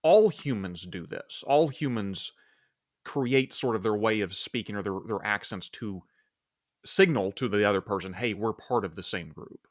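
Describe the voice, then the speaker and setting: A man hosting a podcast speaks in a slightly low voice, thinking aloud and feeling for the right words. He is from Oklahoma and keeps the conversation casual. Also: moderate pace. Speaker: podcast host. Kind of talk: casual interview talk.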